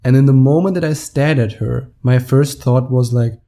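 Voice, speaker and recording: A young man with a German accent talks straight into the mic, laughing now and then as he acts out what people said. His voice is very dark and mellow, with a relaxed tone. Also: medium pitch, normal speed. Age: 20s. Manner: animated storyteller, laughs often, acts out quotes. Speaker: podcast host. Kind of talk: casual monologue.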